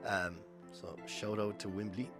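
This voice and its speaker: A man's voice: on the low side, flat delivery, unhurried, music in the background. A man streaming a speedrun, chatting casually and explaining each step to viewers as he plays. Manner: chats with viewers between instructions. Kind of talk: live gameplay commentary.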